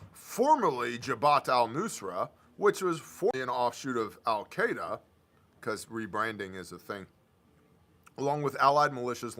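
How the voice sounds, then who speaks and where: Man, stream host, bright tone, casual news commentary, sarcastic, offhand asides. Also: mid-range voice. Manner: sarcastic, loose, reads headlines aloud then riffs.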